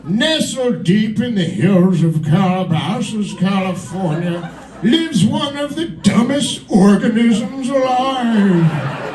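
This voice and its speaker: A man doing a hushed old British nature narrator. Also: high voice, expressive, crowd noise, noisy background. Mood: mock grave. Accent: put-on British. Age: older. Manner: slow, reverent, swelling to loud. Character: hushed elderly male nature documentary narrator. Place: comedy club stage. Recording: roomy club, from a distance.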